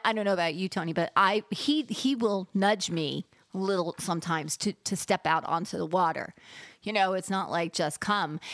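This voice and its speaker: A woman guest in a faith conversation, speaking earnestly and building to excited emphasis. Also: mid-range voice, no room sound, studio quality.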